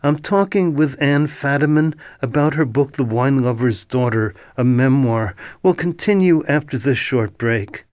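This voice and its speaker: A man with a medium-pitched, slightly mellow voice hosts a literary radio interview show from a studio. He speaks slowly and thoughtfully in a musing way, recorded on a studio microphone with no room sound.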